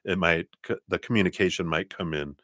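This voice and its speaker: A low-voiced man from Colorado with a slight Southern drawl, reading tarot cards on a live stream. He talks in a chatty, rambling way, with soft laughs and muttered asides. The sound is dry, with no room echo. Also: fairly quick. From Colorado, USA. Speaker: tarot reader.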